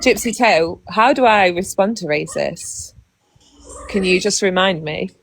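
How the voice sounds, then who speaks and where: A woman's voice: medium pitch, a little slow, creaky, no echo. A woman hosting a livestream chat, talking bluntly and swearing freely. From England. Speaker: livestream host.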